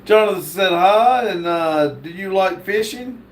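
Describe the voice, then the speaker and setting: A man's voice: high-pitched, animated, measured pace, slight background noise. A man hosting a live stream, reading viewer comments aloud and stopping often on fillers. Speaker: livestream host. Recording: echoey room.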